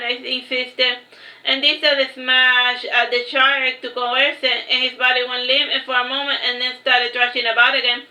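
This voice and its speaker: A woman reads her own first-person tale aloud, her voice high and bright. She keeps an even, flat read-aloud delivery and stumbles over a word now and then. The sound is roomy with echo and a little dull and lo-fi. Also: normal speed. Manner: steady read-aloud delivery with occasional slips. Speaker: author reading her own book. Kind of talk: first-person storybook narration. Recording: echoey room, slightly dull lo-fi sound.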